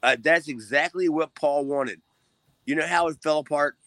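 Laid-back ex-wrestler guest, dry sound. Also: male voice, a little high, moderate pace, fairly bright tone, no echo. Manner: rambling, laughing, lots of restarts and cussing. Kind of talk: casual chat.

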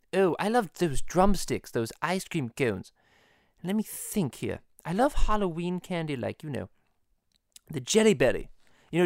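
A man voicing a pompous cartoon baby boy who stammers and speaks in soft, hesitant tones. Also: fairly high pitch, no room sound, studio quality. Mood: dreamy musing. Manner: timid, stammering apologies.

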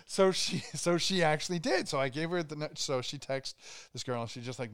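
A young man tells a long story on a casual podcast, rambling, swearing and acting out the lines of the people in it. His voice is smooth and resonant. The sound is dry and close. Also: on the high side, lively intonation, brisk, fairly bright tone, dry recording. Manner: rambling, swearing, acts out quotes. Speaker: podcast co-host.

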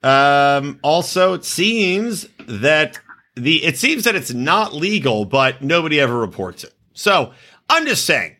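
Podcast guy riffing sarcastically, bright voice, bouncy pitch. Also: big pitch swings, a little slow. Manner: sarcastic, crude, jokey asides. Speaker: podcast co-host. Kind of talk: casual comedic podcast chat.

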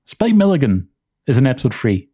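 A man co-hosting a relaxed podcast in a warm, mellow voice. His pitch swings widely as he talks. He is enthusiastic, laughs easily and often restarts his sentences. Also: a little fast, breathy edge. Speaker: podcast co-host. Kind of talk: casual chat.

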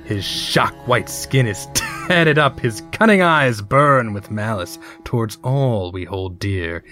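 A man's voice: fairly low pitch, animated, slow, sharp tone, soft background music. A man hosting a podcast, narrating stage directions for a comedic dramatic reading, often chuckling as he reads.

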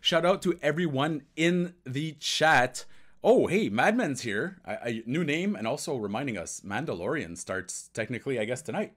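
A man's voice: medium pitch, lively intonation, moderate pace, a bit bright. A male host chatting on a live hockey podcast, easygoing and rambling. He drifts into French now and then before catching himself and carrying on. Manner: rambling, switches between English and French. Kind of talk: casual hockey podcast livestream chat.

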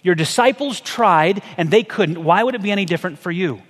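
A man voicing a desperate, doubting father of a sick boy, pleading in a hushed, halting way, with a long hall echo. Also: high voice, animated. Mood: doubtful.

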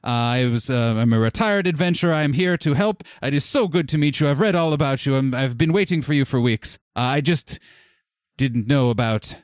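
A man voicing an excitable, stocky retired adventurer tiefling woman with a thick accent who stammers and gushes. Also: medium pitch, dry recording, clean studio sound. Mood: eager. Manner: gushing, stammering, quick.

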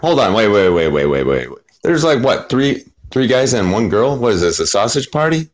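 A man's voice: on the low side, sing-song, normal speed. A man goofing around in a casual podcast chat, riffing playfully. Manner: goofy, playful riffing with silly voices.

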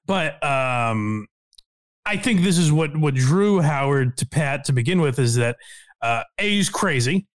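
Animated, laughing male podcast host. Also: on the high side, measured pace. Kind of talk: casual podcast chat.

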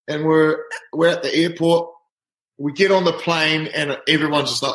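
A man's voice: fairly high pitch, steady tone, moderate pace, fairly bright tone, echoey room, poor audio. A man, a rugby player telling an anecdote casually and animatedly, often breaking into laughter. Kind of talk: casual storytelling.

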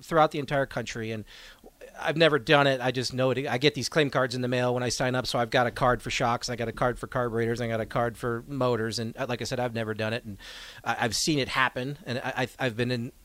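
A man's voice: medium pitch, fast talker, dry recording. Laughing man telling a story. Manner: animated storyteller, laughs often. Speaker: guest, local stock car racer and teacher. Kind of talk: casual radio chat, storytelling. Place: radio studio.

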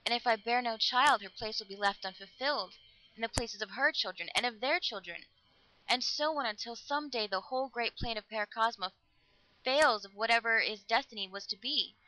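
A woman reading an otherworldly young woman in love, soft and tender, sometimes whispering. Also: fairly high pitch, a little fast, poor audio. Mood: fearful.

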